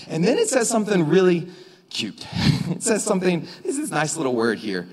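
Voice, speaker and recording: A man with a notably high voice preaches a sermon in a church sanctuary. He keeps it conversational and casual, then climbs into shouts when he drives a point home. His voice rings out with the long reverb of a large hall. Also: wildly swooping pitch, a little fast, slightly rough. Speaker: pastor.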